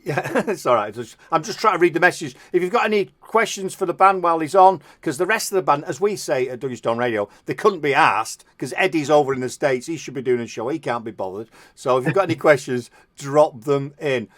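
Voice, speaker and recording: A man hosting a radio interview, upbeat and chatty, tossing in quick praise and asides. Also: on the high side, lively intonation, a bit bright. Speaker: radio show host.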